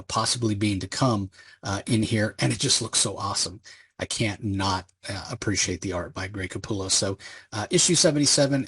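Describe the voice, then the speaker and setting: Husky-voiced man recapping comics. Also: fairly low pitch. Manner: enthusiastic, rambling with many fillers. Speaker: comic book reviewer. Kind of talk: casual comic recap commentary.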